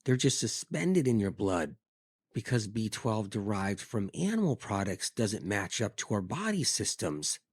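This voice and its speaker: A man's voice: on the low side, big pitch swings, measured pace, breathy edge, no echo, studio quality. A man delivering a scripted health monologue, telling it vividly with emphatic repetition. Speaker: health speaker.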